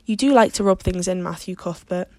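A woman's voice: on the low side, a little fast, mellow, no room sound, lightly acted. A woman reading the lines of a stern, dry-witted older woman who speaks tartly. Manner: tart.

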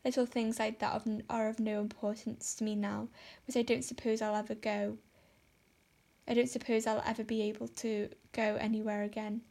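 A woman's voice: fairly high pitch, level tone, brisk, vocal fry, dark tone. Woman reading as melodramatic young Anne. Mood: despairing. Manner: melodramatic, pleading. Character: dramatic, despairing young orphan girl.

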